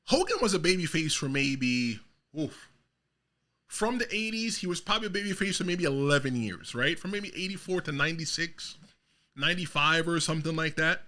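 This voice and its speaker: A man's voice: fairly high pitch, moderate pace. A man hosting a solo podcast, talking casually and animatedly, rambling and correcting himself as he goes. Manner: animated, rambling, self-correcting, bursts of quoting voices. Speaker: podcast host.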